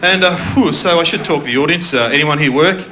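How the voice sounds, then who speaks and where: A man's voice: a little high, fast talker, a crowd in the background. An Australian man from Melbourne doing a stand-up comedy set, bantering loosely with the audience and mocking himself. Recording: noisy live club recording.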